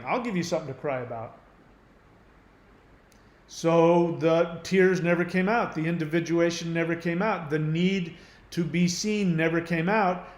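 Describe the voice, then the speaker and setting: Man, channel host, earnest emphatic monologue, higher-pitched, roomy reverb. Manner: earnest, emphatic, acts out quoted voices. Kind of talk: explanatory monologue. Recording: roomy echo.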